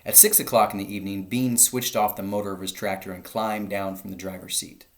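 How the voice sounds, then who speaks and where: Man, teacher, children's read-aloud, lively storytelling, lowish voice. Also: brisk. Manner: lively storytelling, raising voice for shouted lines.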